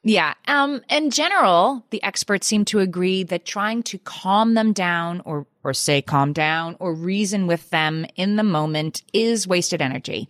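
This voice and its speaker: A middle-aged woman co-hosting a parenting podcast, speaking in a measured, explanatory way. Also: mid-range voice, a bit bright, no echo, clean studio sound. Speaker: podcast co-host. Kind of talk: casual chat.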